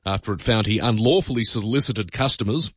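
A man's voice: on the low side, a little fast, slightly rough, dry recording. An Australian man hosting a talkback radio show, chatting in a conversational, opinionated way with many fillers. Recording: dull lo-fi radio broadcast.

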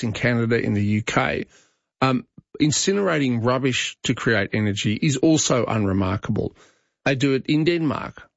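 An Australian man hosting a talkback radio show, giving his opinions in a chatty voice full of restarts and "you know"s. His voice is mid-pitched and comes through a dry, close studio mic with slightly dull sound. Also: vocal fry, no room sound. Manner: opinionated, conversational, frequent fillers and restarts. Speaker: radio host. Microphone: studio microphone.

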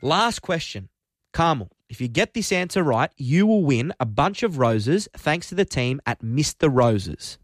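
A man hosting a live radio quiz, upbeat, friendly and brisk. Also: fairly high pitch, very animated, no room sound, studio quality. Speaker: radio host. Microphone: studio microphone.

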